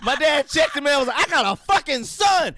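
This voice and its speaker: A man's voice: fairly quick, a little hiss or hum. A man co-hosting a comedy podcast, telling a rambling story with bursts of laughter and a trailing, mumbled delivery. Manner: animated storyteller, swings between low mumbling and loud laughing outbursts. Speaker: podcast co-host.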